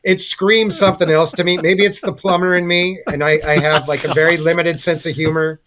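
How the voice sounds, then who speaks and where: A man guest on a casual comic book podcast, joking about the art in a folksy, gently humorous way. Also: on the high side, level tone, brisk, noisy background.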